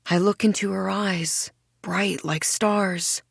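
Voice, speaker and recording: A woman reading a first-person mystery audiobook in a measured, hushed way. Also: medium pitch, steady tone, gravelly, slightly rough, dry recording, clean studio sound. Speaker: audiobook narrator. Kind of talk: scripted first-person narration.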